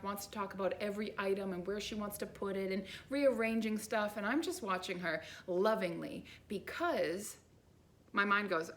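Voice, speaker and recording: Woman life coach, casual storytelling to camera, animated and chatty. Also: medium pitch. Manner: chatty and animated, lots of "like" and "right?".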